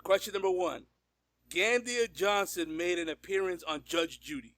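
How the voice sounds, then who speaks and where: A fairly high-pitched man hosts an upbeat, easygoing chat, laughing often and tripping over his words as he goes. He sits close to the mic in a dry, dead room. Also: expressive, moderate pace, a bit bright, no room sound. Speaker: podcast host. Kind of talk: casual interview chat.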